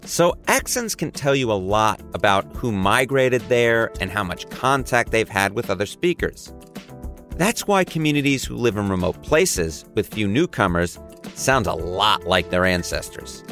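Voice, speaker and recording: Lively New York man hosting a podcast. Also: fairly low pitch, unhurried, soft background music. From New York area. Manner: playful, jokey. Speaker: podcast host. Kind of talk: scripted podcast narration and chat.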